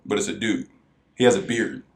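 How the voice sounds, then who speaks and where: A man co-hosting a podcast, telling a story in casual chat and acting out the people in it. His voice cracks high now and then. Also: brisk, reverberant. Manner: animated storyteller who acts out quoted voices. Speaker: podcast co-host.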